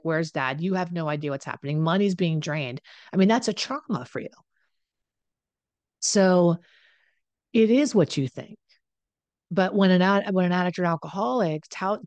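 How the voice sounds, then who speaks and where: A low-pitched woman speaks straight to her listeners, giving relationship advice in a frank, conversational way. She repeats phrases for emphasis and swears now and then, and the recording is dry and close. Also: a little mellow, no room sound. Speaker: addiction and relationships coach. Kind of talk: direct-to-camera advice monologue.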